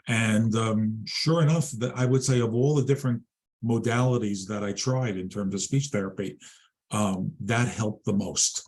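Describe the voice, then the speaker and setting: Husky middle-aged New man. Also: medium pitch, fairly even intonation, a little mellow. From Long Island, New York. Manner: measured, with frequent ums and pauses. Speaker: guest. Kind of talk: interview conversation.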